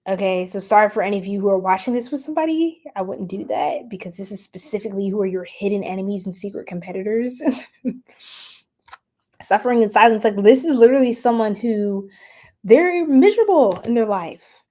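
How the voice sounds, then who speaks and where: A young adult woman giving a casual tarot reading, chatty, laughing often and dropping into soft whispers. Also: medium pitch, brisk. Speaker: tarot reader.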